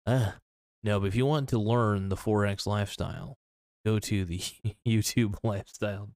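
On his podcast, a man with a lowish, steady, slightly mellow voice rants a little fast in a casual, opinionated way. He's blunt, skeptical and profane, full of fillers. The studio sound is clean with no echo.

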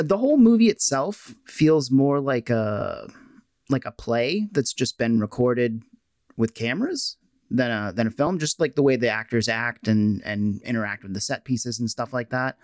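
A man's voice: medium pitch, dry recording. Hedging co-host man, dry sound. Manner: thoughtful, hedging, full of restarts. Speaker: podcast co-host. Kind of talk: casual chat.

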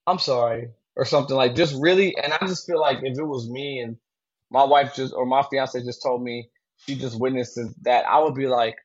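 A man's voice: mid-range voice, steady tone, moderate pace, husky, lo-fi sound. A man co-hosting a podcast, talking casually about a film and rambling with lots of fillers and restarts. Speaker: podcast co-host. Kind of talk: casual movie discussion.

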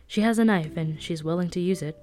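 A woman voicing a tired, worried young man who speaks quietly and earnestly. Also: lowish voice, a little fast, soft background music, natural voice.

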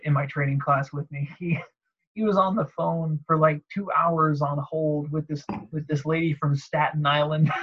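Husky man telling work stories. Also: dull audio. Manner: animated storyteller, mimics callers in a high voice. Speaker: podcast co-host. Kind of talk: casual chat.

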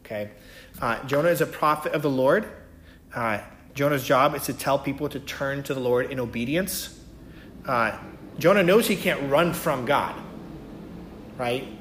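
A man's voice: mid-range voice, moderate pace, long pauses, a bit bright, a little hiss or hum. A man giving a casual Bible teaching, talking conversationally and often checking in with his listeners. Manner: conversational, many fillers and "right?" checks. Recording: echoey room.

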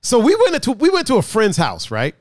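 Animated man telling a wild story. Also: high-pitched, brisk, dry recording. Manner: animated, laughs a lot, swears, acts out friends' lines. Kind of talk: casual storytelling chat.

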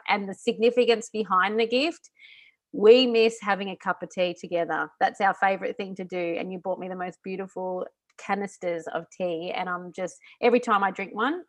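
A woman's voice: medium pitch, fairly even intonation, normal speed. Heartfelt woman podcast co-host. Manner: heartfelt, reflective, laughs often. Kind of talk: casual chat.

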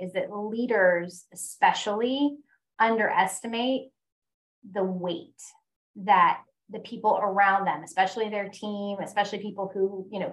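A woman's voice: mid-range voice, poor audio. A woman in a casual conversation, talking candidly and with self-deprecating humor about her own habits in meetings.

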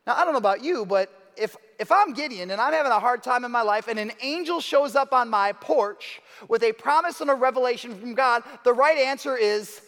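A man's voice: extremely high pitch, quick pace, few pauses. A man preaching a sermon, telling the story casually and acting out the quotes. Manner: conversational, animated storytelling with acted-out quotes. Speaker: pastor. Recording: long reverb of a large hall.

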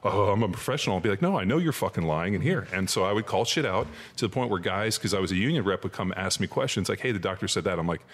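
Man, very deep voice, blunt, profane casual chat, filler words, reverberant room. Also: rapid-fire, hardly any pauses, a bit bright, slightly rough. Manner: blunt, swears constantly, filler-heavy. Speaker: podcast co-host.

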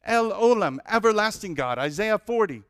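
A male pastor preaching a sermon, listing names of God with lively emphasis and humorous asides. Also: high-pitched, normal speed, clean tone, no room sound, clean studio sound.

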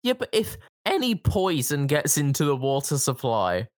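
A man's voice: fairly high pitch, big pitch swings, moderate pace, dry recording, clean studio sound. Teasing young man. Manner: teasing, playful, jokes around with silly voices. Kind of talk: casual chat.

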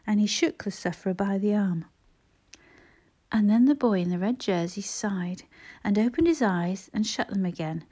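A woman narrating a children's storybook as an audiobook, in a measured, expressive reading. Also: medium pitch, breathy edge.

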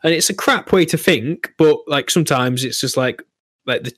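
Animated co-host who rambles, heavy on filler words, recorded dry. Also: male voice, fairly high pitch, moderate pace, no room sound. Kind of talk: casual chat.

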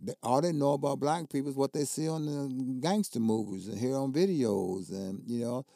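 An older basketball coach, appearing as a guest, tells stories in a mellow mid-range voice at normal speed. He's colloquial and emphatic, repeating words when he gets worked up. The sound is studio quality with no room sound.

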